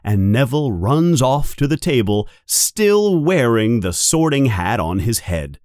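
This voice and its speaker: A man narrating a storybook in an expressive reading manner, jumping high for characters' calls. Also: unhurried, no room sound, clean studio sound.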